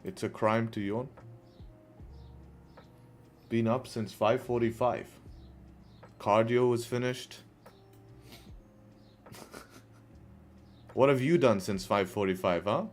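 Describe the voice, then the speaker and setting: A man's voice: mid-range voice, takes it slowly, pauses often. A man livestreaming his forex trading, talking casually to viewers, often asking "right?" and bantering with the chat. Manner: chatty, repeats "right?" and "guess what", banters with chat. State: tired, yawning. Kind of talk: casual live trading commentary.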